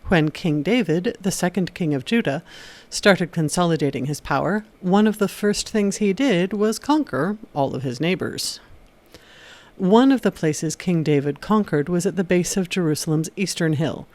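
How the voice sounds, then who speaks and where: A woman hosting an educational video, reading a scripted narration in a steady explanatory way with occasional wry asides. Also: fairly low pitch, moderate pace. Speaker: video essay host.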